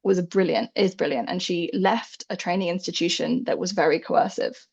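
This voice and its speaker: A woman's voice: fairly low pitch, steady tone, moderate pace, gravelly, a little mellow, breathy edge, lo-fi sound. A woman dog behavior expert speaking candidly and with animation as a guest in a casual interview, swearing freely and often laughing.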